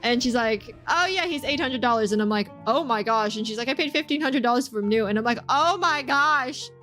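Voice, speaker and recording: A woman's voice: a little high, brisk, a bit bright. A young woman streaming from home, chatting with her viewers in a bubbly way and laughing often. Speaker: game streamer. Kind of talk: casual chat with stream viewers. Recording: faint background music.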